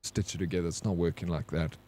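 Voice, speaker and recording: A man's voice: deep voice, steady tone, fast talker, warm tone, slight background noise. Man, South African accent, game streamer, casual chatter, greets viewers by name, cusses freely. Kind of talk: casual live-stream chat.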